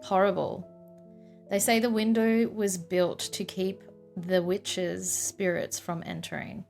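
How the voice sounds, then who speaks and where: A young woman telling a history vlog in an emotional storytelling style, sighing and trailing off into soft asides. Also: lowish voice, flat delivery, takes it slowly, creaky, faint music behind. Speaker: paranormal history vlogger.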